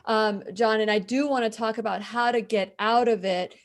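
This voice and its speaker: A woman's voice: fairly high pitch, fairly even intonation, normal speed. A woman hosting a radio interview, affirming her guest with brief interjections. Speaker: radio show host.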